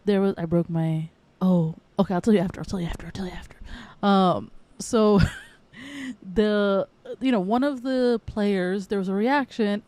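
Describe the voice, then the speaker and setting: A woman's voice: mid-range voice, mellow, no room sound. A young adult woman from the northeastern United States hosting a casual solo podcast, rambling, correcting herself and laughing often. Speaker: podcast host.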